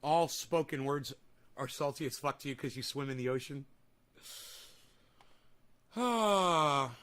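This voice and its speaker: A man's voice: on the high side, slow pace, fairly bright tone. A young man hosting a livestream, reading and answering comments in a profane, combative, sarcastic rant. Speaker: livestream host. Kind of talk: ranting livestream chat.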